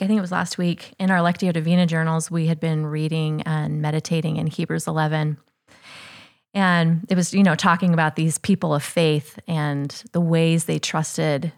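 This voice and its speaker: A woman with a notably low voice talks in a thoughtful, reflective way. She often leans on casual fillers as she works through an idea. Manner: thoughtful, uses fillers like "you know" and "like". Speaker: podcast co-host. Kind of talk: reflective faith conversation.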